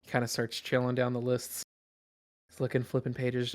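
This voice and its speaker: A man's voice: mid-range voice, monotone, normal speed. A man narrating as game master in a casual, rambling way with many fillers.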